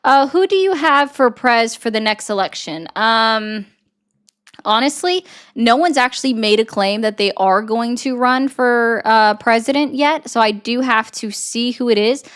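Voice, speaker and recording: Speaking at a measured pace, this woman has a highish, expressive voice with a fairly bright, smooth tone. She reads viewer comments on a casual livestream and answers them with blunt, sarcastic political remarks.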